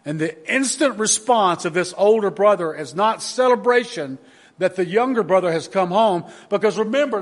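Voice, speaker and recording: A man preaches a sermon with earnest emphasis. His voice is high for a man, and he often backs up and restarts a phrase while driving a point home. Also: a little hiss or hum. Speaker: pastor.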